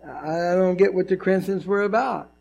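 Animated high-voiced male pastor preaching. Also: brisk, vocal fry, lo-fi sound. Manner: conversational and animated, acting out dialogue. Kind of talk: sermon.

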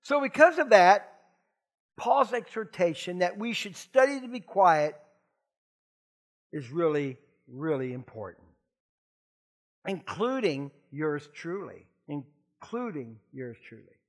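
A middle-aged man preaching a conversational sermon in a folksy, joking way with animated asides. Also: sits high, slow, long pauses. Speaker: pastor.

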